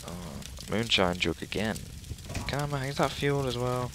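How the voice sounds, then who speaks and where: A man's voice: mid-range voice, lively intonation, normal speed, a bit bright, a little hiss or hum. A man giving sarcastic, profane commentary while playing a horror video game. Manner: profane, sarcastic, joking asides. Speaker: let's play host. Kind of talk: gameplay commentary.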